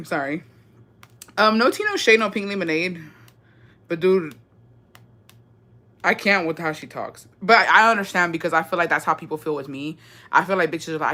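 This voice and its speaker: A young woman talks into her phone on a casual livestream, her voice deep and slightly raspy yet bright and forward in tone. She chats loosely and swears freely, mixing Spanish words into her English as she greets viewers one by one. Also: normal speed, pauses often. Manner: chatty, profane, mixes in Spanish words. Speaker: livestream host. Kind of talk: casual livestream chat reading comments.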